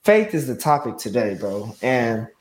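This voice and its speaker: A very animated podcast host with a mid-range voice drives the conversation at normal speed, chatting loosely in slang with plenty of "bro" and "you know what I'm saying." A little hiss or hum sits in the audio.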